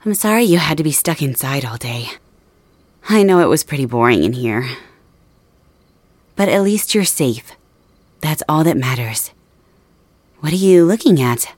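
A woman voicing a protective young female friend in an ASMR role-play, talking softly and reassuringly straight to the listener. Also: sits low, no echo. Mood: caring. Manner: soft, reassuring, addresses listener directly.

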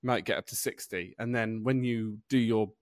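A man's voice: on the low side, moderate pace, dry recording. Rambling young British man, dry close sound. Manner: rambling with many fillers and restarts. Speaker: podcast co-host. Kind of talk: casual chat.

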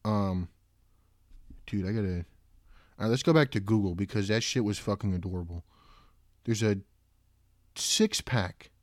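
A young man hosting a casual solo podcast who rambles, swears and breaks into loud, disbelieving outbursts. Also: fairly low pitch, measured pace, pauses often, no echo. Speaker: podcast host.

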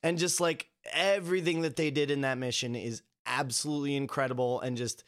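A young man co-hosting a casual gaming podcast, animated and profane, acting out quoted characters as he tells the story. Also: medium pitch, fairly quick. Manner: animated, acts out quoted characters, swears freely. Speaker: podcast co-host.

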